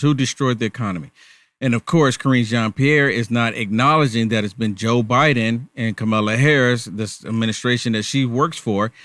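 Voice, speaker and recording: A man's voice: medium pitch, fairly bright tone, no room sound. Sarcastic male host asking rhetorical questions. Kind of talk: political commentary.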